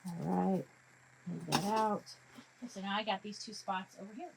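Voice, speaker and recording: A chatty woman talks herself through a live craft demonstration, pitched in a mid, ordinary range. She jokes with her materials as she works. A faint hum sits behind her voice. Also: steady tone, normal speed, gravelly. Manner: jokey self-talk to her materials. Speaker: craft tutorial host.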